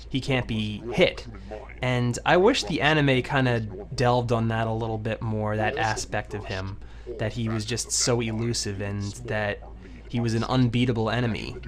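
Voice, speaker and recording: A man talking loosely over his own anime videos in a casual commentary style. He rambles, trips over his words and starts sentences again. His pitch sits right in the middle for a man. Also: fairly bright tone. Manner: rambling, full of fillers and restarts.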